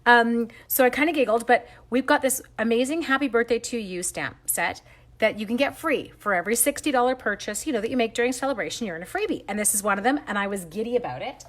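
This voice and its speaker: A Canadian woman with a fast, higher-pitched voice hosts a live craft stream from home. She stamps and colors while chatting, giggling at herself and greeting viewers by name.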